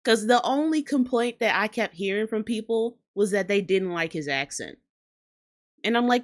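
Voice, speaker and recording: A woman's voice: mid-range voice, lively intonation, moderate pace. A woman with a New Orleans accent hosting a casual reaction show, talking bluntly and profanely in heated rants. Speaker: host reacting to rap videos.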